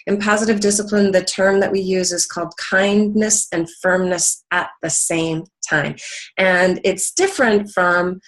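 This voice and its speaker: Unhurried and fairly even in intonation, a middle-aged parenting educator uses a story to teach, her low-pitched voice captured on poor audio. She's sincere throughout, often saying um and starting her thoughts over.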